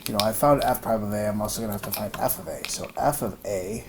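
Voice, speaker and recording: A man's voice: on the low side, fast, vocal fry. A man giving an informal math lesson, thinking aloud with many fillers and restarts. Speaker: math teacher. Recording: noisy room recording.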